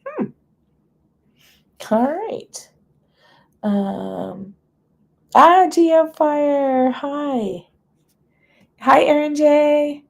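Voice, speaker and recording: A woman's voice: high-pitched, animated, extremely slow, gravelly, pauses often, a little mellow. A woman hosting a casual livestream, chatting with viewers, greeting them by name and reading long menu lists aloud. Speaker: livestream host. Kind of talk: casual live chat with viewers.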